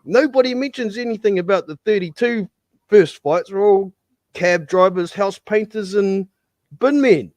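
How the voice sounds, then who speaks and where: Man, mocking pundit, raised pitch, dry close mic. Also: measured pace, darkish tone, no room sound. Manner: scornful, mocking. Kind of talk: casual boxing chat.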